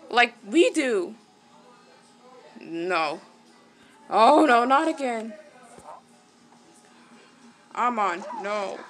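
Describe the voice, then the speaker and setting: A woman giving casual let's-play commentary, excitable, gasping and exclaiming at the game. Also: on the high side. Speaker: gaming channel host.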